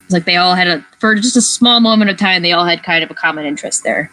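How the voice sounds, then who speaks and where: A woman's voice: on the low side, fast talker, bright, forceful tone, poor audio. A woman in casual book discussion, chatty, often restarting her sentences. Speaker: book club podcast member.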